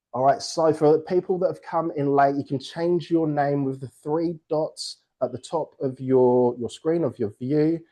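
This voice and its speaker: Playful man hosting games on a video call. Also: on the high side. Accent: non-American English. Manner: lively, playful, jokey, breaks into laughter. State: out of breath at times. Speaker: host of a virtual book launch.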